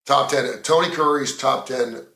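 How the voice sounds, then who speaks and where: A man hosting a radio show, talking in a rambling, animated, casual way. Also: mid-range voice, a little slow, vocal fry, reverberant. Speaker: radio host.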